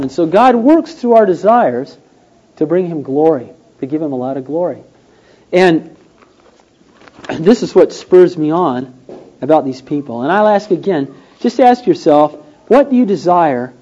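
Male preacher, slightly high, warm voice, storytelling sermon, dull lo-fi recording. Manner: storytelling with acted-out quotes, rising and falling emphasis.

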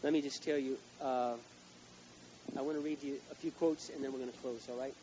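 A man preaching a sermon as pastor, telling a long personal story and rising to loud, emphatic peaks. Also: mid-range voice, steady tone, brisk, dull audio, slight background noise.

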